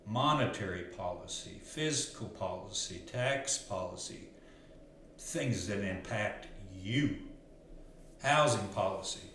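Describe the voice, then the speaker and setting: Male life coach, lowish voice, earnest and rambling, very echoey room with faint hiss. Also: fairly bright tone. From Arkansas. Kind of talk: casual storytelling monologue.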